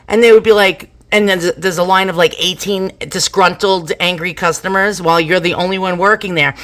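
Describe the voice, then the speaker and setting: A middle-aged woman giving casual reaction commentary, chatty and animated, telling stories with asides. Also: mid-range voice, a little fast. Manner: animated, chatty storytelling with asides, repeats "boys and girls". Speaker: commentator reacting to a news clip.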